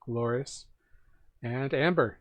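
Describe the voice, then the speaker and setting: A man's voice: medium pitch, slow, dry recording. A man running a tabletop game as dungeon master, recapping the last session in a chatty, self-correcting way with apologetic asides.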